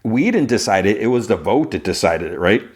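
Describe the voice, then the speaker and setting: A man's voice: lowish voice, sing-song, fairly quick, breathy edge. A man voicing a self-righteous man who lectures and shifts the blame, in a podcast recap. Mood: lecturing. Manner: preachy, lecturing.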